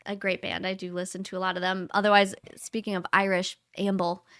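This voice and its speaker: Young woman, halting casual speech, medium pitch, dry close sound. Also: level tone, a bit bright, clean tone, dry recording. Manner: halting, many fillers and restarts, laughs easily. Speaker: guest, neonatal nurse. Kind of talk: casual interview chat.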